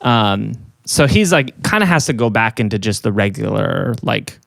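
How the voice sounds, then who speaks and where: A man's voice: lowish voice, big pitch swings, moderate pace, vocal fry, a bit bright, no echo, studio quality. A man co-hosting a podcast, telling a story in a casual, rambling way with lots of fillers. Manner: rambling, many fillers and acted quotes. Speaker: podcast co-host.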